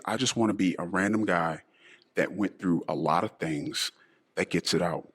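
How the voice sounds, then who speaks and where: A middle-aged man hosting a personal monologue podcast in a deliberately disguised voice, talking in an emotional, halting way with sighs. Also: sits low, fairly bright tone, slightly rough. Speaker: podcast host.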